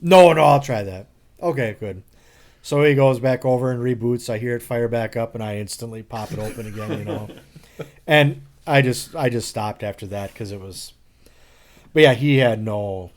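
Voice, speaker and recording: A Wisconsin man co-hosting a casual podcast, telling a prank story to his friends. His voice sits at an ordinary middle pitch for a man. He tells it in an animated way and jumps into other people's lines with laughter. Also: moderate pace. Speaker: podcast co-host.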